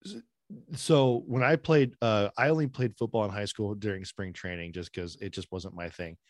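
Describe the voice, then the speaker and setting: Middle-aged male co-host, lowish voice, dry close mic, animated and opinionated. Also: moderate pace, no room sound. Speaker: podcast co-host. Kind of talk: casual chat.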